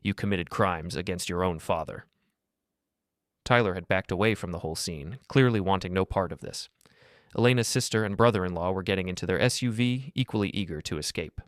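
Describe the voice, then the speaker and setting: Male narrator, first-person story, firm and measured, deep voice, dry sound. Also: dry recording.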